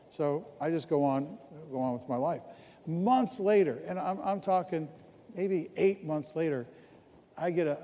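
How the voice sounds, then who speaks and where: A pastor in his sixties preaching a sermon in a church, telling a personal story and moving from hushed to fervent. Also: fairly high pitch, in a large hall.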